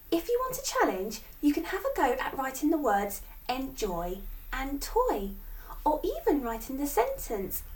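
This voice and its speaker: A woman teaching phonics to young children, sounding out each word slowly and clearly. Her voice is high and swoops widely in a sing-song way. The voice sits back from a distant mic.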